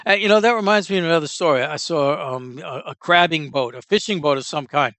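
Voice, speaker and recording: A man's voice: a little high, brisk, bright, forceful tone, dry recording. A man giving a casual, rambling opinion monologue as a commentator, blunt and prone to digressions.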